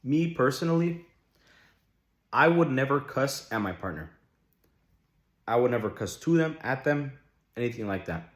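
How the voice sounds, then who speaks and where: A man's voice: mid-range voice, animated, normal speed, pauses often. A young man vlogging casual relationship advice, blunt and full of swearing, who keeps asking his viewers rhetorical questions. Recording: echoey room.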